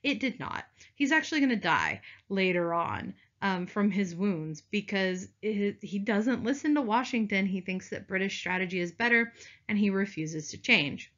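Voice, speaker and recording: A woman's voice: medium pitch, sing-song, normal speed, fairly bright tone. A young woman teaching a history video lecture in a chatty, playful way, often calling her students "you guys". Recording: dull lo-fi recording.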